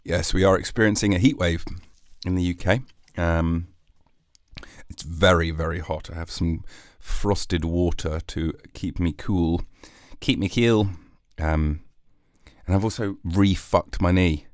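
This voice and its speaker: A man's voice: sits low, fairly even intonation, unhurried, no echo, studio quality. A British man hosting his own podcast, rambling through a jokey, sarcastic solo monologue. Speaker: podcast host.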